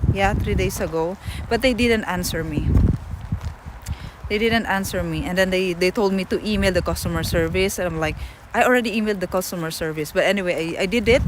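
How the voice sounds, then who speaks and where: A Filipino woman livestreams outdoors in a city, telling a long story in a loose, rambling way. Her voice goes loud and high when she gets worked up. Traffic and street noise run clearly behind her. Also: moderate pace. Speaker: travel streamer. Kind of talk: casual IRL livestream storytelling.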